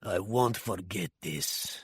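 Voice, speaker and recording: A man voicing a bullying gangster who talks in a low, threatening, profane way. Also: expressive, takes it slowly, a bit bright, slightly rough, dry recording, studio quality, exaggerated voice. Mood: eerie.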